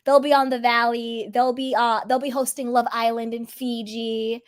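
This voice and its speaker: Woman host, high voice, animated and laughing a lot. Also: normal speed. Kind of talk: casual chat.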